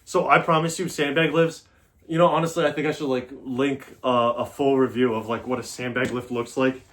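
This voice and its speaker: A man's voice: medium pitch, steady tone, brisk, fairly bright tone. A man giving a casual workout demonstration as a fitness vlogger, coaching in a loose, talky way.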